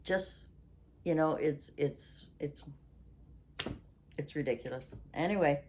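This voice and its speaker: A woman's voice: sits low, slow, a little mellow. A woman in her sixties from Canada, hosting a chatty craft vlog, rambling and losing her train of thought, then ranting indignantly. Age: 60s. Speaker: craft channel host.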